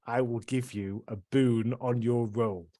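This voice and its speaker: A man running a tabletop game as game master, prompting the players in a relaxed way and laughing easily. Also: medium pitch, slow, no room sound, studio quality.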